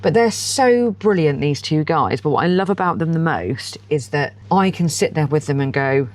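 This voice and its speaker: A woman in her forties co-hosts a podcast, chatting casually and telling stories in which she acts out the dialogue. Her low voice is animated, a bit dark in tone, and moves at a moderate pace.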